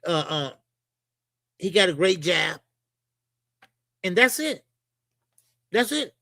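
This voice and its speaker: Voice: mid-range voice, sing-song, takes it slowly, gravelly, sharp tone, no room sound. A boxing channel host giving blunt, profane opinions straight to viewers, often repeating lines for emphasis.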